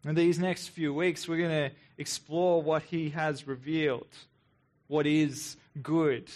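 A man in his thirties preaching a sermon in an earnest, reflective way. He often repeats himself and adds quick sarcastic asides. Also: a little high, fairly even intonation, darkish tone. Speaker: pastor.

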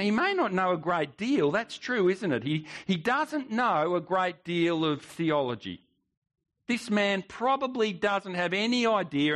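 A man's voice: high-pitched, a bit bright. A male pastor preaching a sermon, emphatic, with rhetorical questions and repeated words.

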